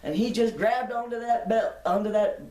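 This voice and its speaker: A woman's voice: fairly high pitch, normal speed, mellow. Older woman interviewee, chatty anecdotal storyteller, roomy distant sound. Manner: chatty, anecdotal, laughs easily. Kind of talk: reminiscing storytelling. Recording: echoey room, off-mic.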